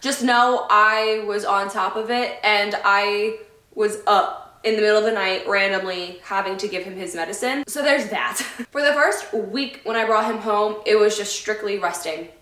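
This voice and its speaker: A woman vlogger speaks to camera in a casual sit-down chat, heartfelt and a little scattered as she loses her thread. Her voice sits at an ordinary middle pitch, and an echoey room rings around it. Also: moderate pace, sharp tone. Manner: heartfelt, rambling, loses her train of thought. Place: indoor room away from her home.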